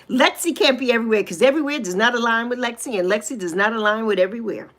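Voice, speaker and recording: A woman in her sixties hosting a casual livestream, animated and sassy, greeting viewers by name. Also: on the high side, quick pace. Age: 60s. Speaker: livestream host.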